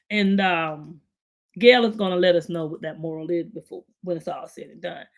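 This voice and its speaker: A woman's voice: on the low side, creaky. A woman hosting a recap podcast, giving chatty, opinionated commentary straight to her listeners. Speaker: podcast host recapping a story. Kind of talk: casual commentary.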